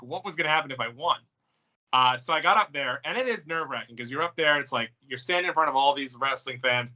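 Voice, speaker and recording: A man chats on a podcast and tells his stories with real energy, laughing and acting out what people said. His voice is very bright and a little high for a man. The recording is dull and lo-fi. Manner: animated storyteller, laughs often, acts out quoted lines. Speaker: podcast host. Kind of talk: casual chat. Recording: dull lo-fi sound.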